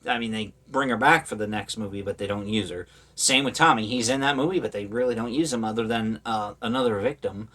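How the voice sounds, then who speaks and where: A man's voice: lowish voice, a little fast, hardly any pauses, sharp tone. A man talking casually about horror movies, rambling with lots of fillers and sarcastic asides. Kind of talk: casual opinionated commentary.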